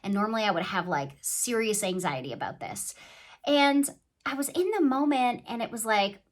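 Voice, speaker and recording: A woman vlogger in casual chat, telling stories in a chatty, animated way. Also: fairly high pitch, normal speed.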